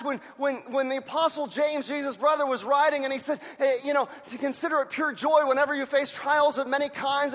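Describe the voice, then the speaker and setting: Man, pastor preaching, passionate, shouts then hushes, very high voice, church hall echo. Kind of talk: sermon. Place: church sanctuary. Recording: long reverb of a large hall.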